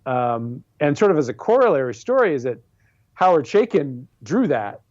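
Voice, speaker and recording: A man's voice: fairly high pitch, very animated, normal speed, a little mellow, dry recording, lo-fi sound. A man in his forties, a comic book artist and writer guesting on an interview show, talking casually with many fillers and restarts. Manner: rambling, self-deprecating, many fillers and restarts.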